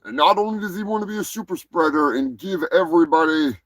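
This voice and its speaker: A man hosting a live show, chatting casually, joking crudely, swearing and shouting now and then. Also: a little high, lively intonation, fast talker, heavy background noise. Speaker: host. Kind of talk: casual live-stream chat. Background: music playing.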